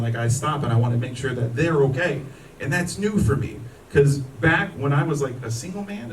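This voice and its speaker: A man's voice: on the high side, fairly bright tone, a little hiss or hum. A young man doing a stand-up set, joking and indignant and swearing freely, in a lodge hall with a live audience laughing. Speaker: stand-up comedian. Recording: roomy hall, mic from far off, audience laughing.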